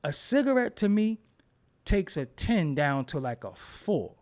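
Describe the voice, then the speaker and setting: A man goes on a casual, profane rant, animated and emphatic, swearing freely and repeating words when he gets heated. His voice is fairly high-pitched and unhurried.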